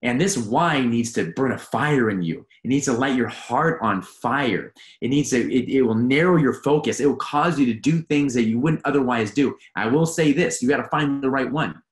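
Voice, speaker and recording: A man's voice: mid-range voice, moderate pace, few pauses. A man giving an earnest, emphatic motivational talk as a mental performance coach, repeating his key phrases. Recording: roomy echo.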